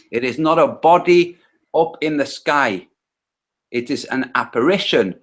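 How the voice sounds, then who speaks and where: A man speaks on a live video call, laying out his point piece by piece and stopping to fix his mistakes. His voice sits a little high and he talks at an unhurried, slow pace. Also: fairly bright tone. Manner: patient step-by-step explaining with frequent self-corrections. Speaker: presenter.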